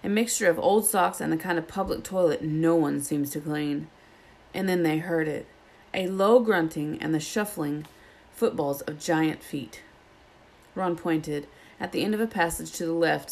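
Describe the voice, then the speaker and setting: A woman reads a children's novel aloud with steady, plain narration. Her voice is low and carries a gravelly fry. She keeps an even reading pace. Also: normal speed. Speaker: storybook reader.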